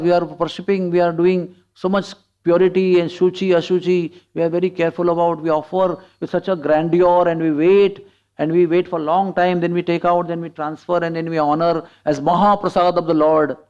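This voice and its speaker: A man voicing a group of male celestial singers who complain loudly and emphatically. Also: a little high, normal speed, muffled recording, close to an everyday voice. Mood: indignant, bewildered.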